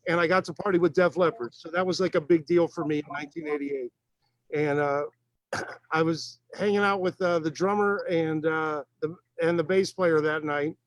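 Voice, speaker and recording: A man's voice: fairly high pitch, steady tone, normal speed, no room sound. A man in a band speaking earnestly, with stumbling restarts. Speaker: band musician. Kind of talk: casual interview talk.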